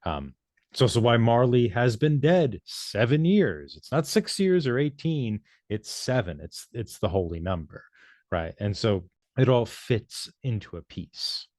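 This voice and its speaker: A man's voice: mid-range voice, sing-song, unhurried, darkish tone, dry recording, studio quality. A man co-hosting a podcast, explaining ideas in a thoughtful, casual way. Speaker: podcast co-host. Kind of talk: casual chat.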